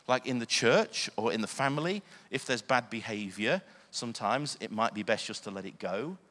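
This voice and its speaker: A man's voice: mid-range voice, lively intonation, normal speed, a bit bright. A man preaching a sermon, earnest, often asking the listeners questions. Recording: long hall reverb.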